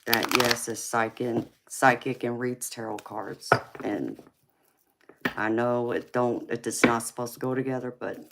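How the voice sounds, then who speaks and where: Against a noisy background, a woman with a bass voice talks a little slowly, her tone steady and creaky. She's a tarot reader hosting a laid-back livestream in a heavy Southern drawl, being from California but raised in Georgia, and affectionately calls viewers honey, babe and sweetheart.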